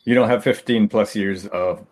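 A man's voice: fairly low pitch, moderate pace, a little mellow. A man speaking as a guest on a casual panel chat, explaining things plainly and matter-of-factly.

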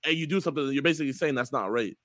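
A man's voice: medium pitch, very fast, fairly bright tone, no echo. A man co-hosting a casual podcast, explaining at length with loose slang, cursing and laughs.

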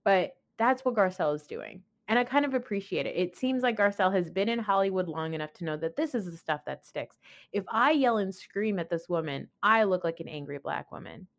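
A woman's voice: mid-range voice, animated, a little fast. A young adult woman hosts a podcast and talks through a recap in a loose, conversational way. She is opinionated and blunt, with a mid-range voice, and swears freely. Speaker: podcast host. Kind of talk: casual recap commentary.

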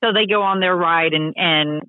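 Lowish-voiced woman gabbing away about her rides, bouncy storytelling, phone-line sound, super dry. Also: normal speed, no echo. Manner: animated, chatty, acts out quoted voices. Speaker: podcast guest, long-distance motorcycle rider. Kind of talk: casual storytelling interview.

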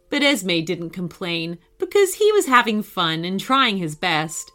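A woman narrating a children's story in a lively, expressive reading voice. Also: medium pitch, a little slow, few pauses, soft background music.

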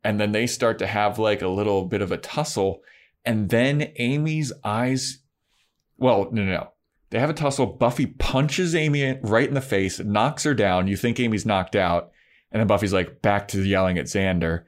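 A man's voice: fairly low pitch, normal speed. A young man co-hosting a podcast, casually recapping an episode and acting out the characters' lines. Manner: animated retelling, acts out characters' lines. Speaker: podcast co-host.

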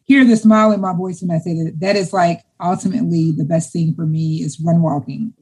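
A middle-aged woman with a husky, slightly breathy voice, answering interview questions in a relaxed, chatty way. She sounds enthusiastic and often repeats a word as she builds up to a point. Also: fairly low pitch, brisk, low-quality recording. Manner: enthusiastic, chatty, repeats words when excited. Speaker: interview guest. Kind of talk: casual conversation.

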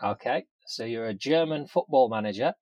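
A man's voice: medium pitch, animated, moderate pace, darkish tone, no room sound. Dry teasing male podcast host. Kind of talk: casual podcast chat.

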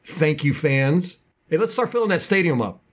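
A man co-hosting a sports podcast in casual talk, passionate and ranting. His voice is a little husky, and his pitch swoops up and down with energy. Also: lively intonation. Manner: passionate, ranting, fast bursts. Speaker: podcast co-host.

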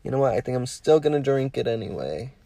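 A man's voice: medium pitch, sing-song, fast, dark tone, no room sound. A man hosting a podcast, talking frankly in a casual, rambling way with lots of swearing. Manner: frank and heavily profane; rambling with many fillers. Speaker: podcast host.

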